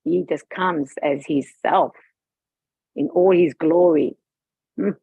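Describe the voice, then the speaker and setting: A woman's voice: deep voice, slow, vocal fry, dark tone, husky, no room sound. A woman guest talking with passion, emphatic and outspoken about her views. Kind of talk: passionate personal talk. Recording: dull lo-fi recording.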